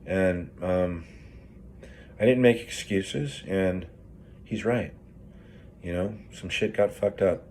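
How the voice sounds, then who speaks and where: Middle-aged man, grieving, low deep voice; loose profane vlog ramble, full of fillers. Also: slow pace, long pauses, darkish tone, slight background noise. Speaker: project manager in recovery. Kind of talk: candid personal vlog.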